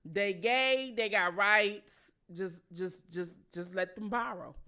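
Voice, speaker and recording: A woman's voice: mid-range voice, slow pace, bright, forceful tone, voice pushed down. A woman voicing an older male politician who talks in a crude, careless, profane way. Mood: dismissive. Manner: grumbling, profane.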